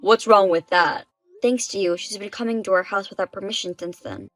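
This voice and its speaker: A woman's voice: medium pitch, brisk, a bit bright, no echo, close to an everyday voice, rough recording. A woman voicing a selfish husband who brushes off complaints and justifies himself. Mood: dismissive. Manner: dismissive, self-justifying. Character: defensive, selfish husband, man.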